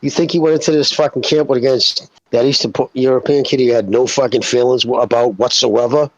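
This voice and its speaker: A man's voice: medium pitch, steady tone, brisk, dry recording. A man co-hosting a casual podcast, blunt and swearing heavily. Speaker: podcast co-host. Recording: dull, lo-fi mic sound.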